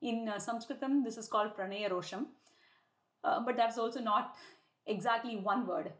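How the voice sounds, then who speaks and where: A woman's voice: fairly high pitch, moderate pace. A woman with an Indian English accent and Tamil as her native tongue, teaching a devotional scripture lesson in an explanatory storytelling manner. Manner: explanatory storytelling, dramatizes quotes. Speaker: religious discourse presenter. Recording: roomy echo.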